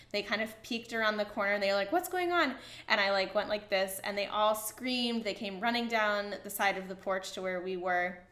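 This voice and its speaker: Bubbly young woman gushing in a roomy echo. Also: mid-range voice. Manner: gushing, excited, with frequent "like" fillers. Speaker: vlogger. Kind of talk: casual storytelling to camera.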